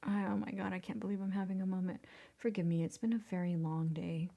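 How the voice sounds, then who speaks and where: A woman's voice: medium pitch, steady tone, quick pace, gravelly, dark tone. A woman walking viewers through photo editing, drifting into whispers as she works and laughing at her own slip-ups. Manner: self-deprecating, often drops to a whisper while working. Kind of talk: casual screen-recorded tutorial.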